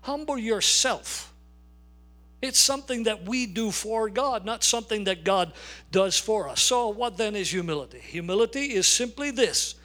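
An older man preaching a sermon as a pastor, emphatic, slowing down to stress key words. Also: sits high, animated, fairly bright tone.

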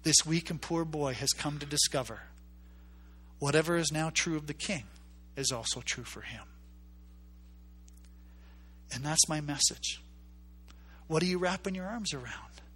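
A man delivers a sermon as a story with a bright, forward tone and a voice pitched a little above the usual. He jumps into the characters' voices and drives points home through repetition. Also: unhurried, long pauses, husky. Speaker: preacher.

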